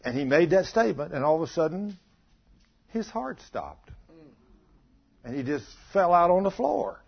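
Husky preacher telling a story. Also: male voice, sits high, big pitch swings, moderate pace, dull audio. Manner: swings from hushed asides to loud pleading quotes. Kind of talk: storytelling sermon. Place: church before a congregation.

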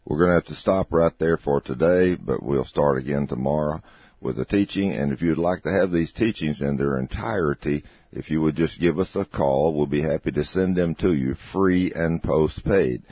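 Super deep slow guy wrapping up a ministry broadcast, dry dull audio. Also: dry recording. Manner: slow, deliberate, repeats details. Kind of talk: scripted program closing.

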